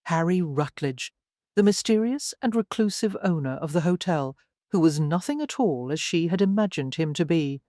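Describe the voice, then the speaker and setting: A woman reading a historical romance audiobook in smooth, even scripted narration. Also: fairly low pitch, normal speed, no echo, clean studio sound.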